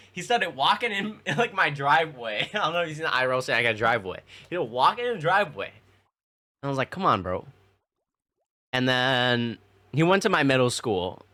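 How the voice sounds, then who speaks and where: A young man streaming, casually telling his chat childhood stories in a slangy, laughing way. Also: medium pitch. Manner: animated, laughing, slangy storytelling with many restarts.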